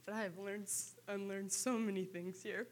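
Tearful woman giving soft testimony. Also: mid-range voice, steady tone, slight background noise. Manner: halting, soft, with many pauses and fillers. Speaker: church member giving testimony. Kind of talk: personal testimony.

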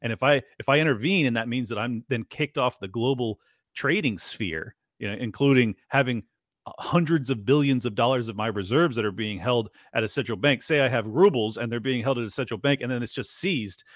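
A man's voice: mid-range voice, brisk, no echo, studio quality. A man hosting a podcast in casual political chat, sarcastic and rambling, swearing now and then. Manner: sarcastic, rambling, swears, acts out quoted voices. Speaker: podcast host.

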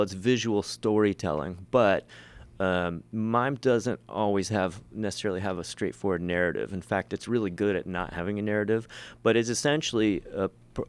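A man's voice: on the low side, clear, resonant tone. A man, a mime performer and teacher, chatting as an interview guest in a rambling, self-mocking way with many restarts. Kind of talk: casual interview chat.

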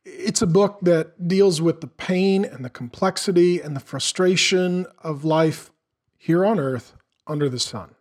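A man's voice: a little high, unhurried, a little mellow. Earnest man preaching a sermon. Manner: earnest, conversational preaching with rhetorical questions. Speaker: pastor.

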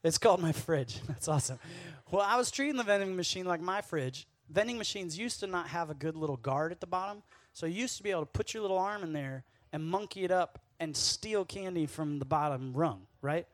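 A young man preaching a casual youth sermon, energetic and jokey, telling stories with asides to the crowd. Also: a little high, brisk, hardly any pauses, no room sound. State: sweating, worked up. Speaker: speaker at a youth camp.

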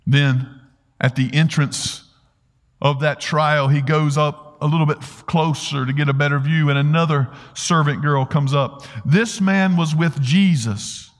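A man's voice: fairly high pitch, level tone, unhurried. A man preaching a sermon, earnestly retelling a story and asking rhetorical questions. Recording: long hall reverb.

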